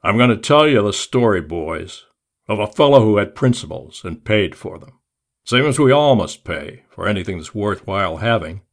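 A man's voice: on the low side, expressive, normal speed. A man voicing a commanding gang leader who talks curtly and growls at others. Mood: reflective. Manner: growling, curt.

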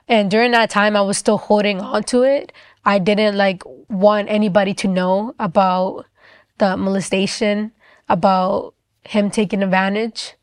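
A young adult woman gives a personal faith testimony in an earnest, halting way, with frequent fillers and restarts. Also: medium pitch, fairly even intonation, dry recording, studio quality.

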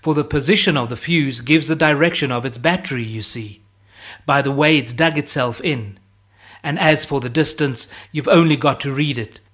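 A man's voice: medium pitch, normal speed, a bit bright, lightly acted. A man reading an audiobook voices a soldier patiently explaining how gunners work, matter-of-fact.

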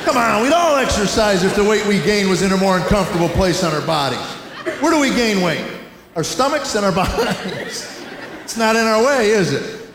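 A man's voice: high voice, sing-song, normal speed, a crowd in the background, noisy background. A man in his fifties doing a stand-up comedy routine, telling folksy, wry stories full of rhetorical questions. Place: large hall with a laughing audience. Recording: roomy live hall recording. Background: audience laughter.

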